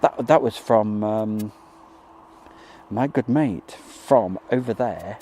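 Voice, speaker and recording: A man's voice: fairly low pitch, slow, slight background noise. A man, chatting casually as he hosts a live stream outdoors and greets viewers by name. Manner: chatty, reads out viewer names and greets them warmly. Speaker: livestream host. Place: outdoors by an airport.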